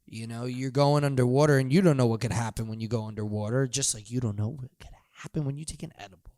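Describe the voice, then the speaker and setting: A young man hosting a podcast, telling a long rambling story full of "you know" and sudden loud drawn-out yells. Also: mid-range voice, no echo, studio quality. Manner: loose, meandering, swings into loud drawn-out yelled bits. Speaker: podcast host.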